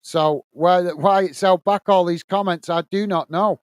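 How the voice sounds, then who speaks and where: High-voiced British man, rambling host. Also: steady tone, measured pace, clear, resonant tone, no room sound. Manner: rambling, exasperated muttering about tech trouble. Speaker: football watchalong host. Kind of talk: casual live-stream chat, reading out viewer comments.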